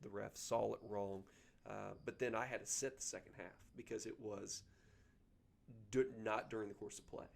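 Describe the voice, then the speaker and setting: A middle-aged man, a basketball coach talking earnestly as a guest, pausing often with ums and restarts. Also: lowish voice, gravelly, a little hiss or hum. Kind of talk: casual podcast conversation.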